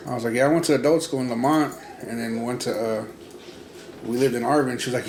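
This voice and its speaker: A man's voice: mid-range voice, quick pace, a little mellow, echoey room, slight background noise. A man co-hosting a casual podcast, telling a story and acting out both sides of the conversation. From California. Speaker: podcast co-host.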